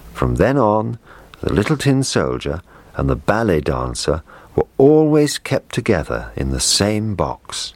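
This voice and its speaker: A man reading a children's story aloud in a gentle, expressive way. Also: low voice, dry recording.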